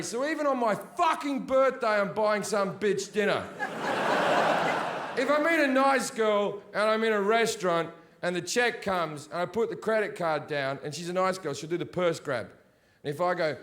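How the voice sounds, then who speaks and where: A man doing a stand-up comedy set on stage, brash and crude, mocking his targets with punchlines. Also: high voice. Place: large theater with audience. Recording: roomy live hall, audience noise.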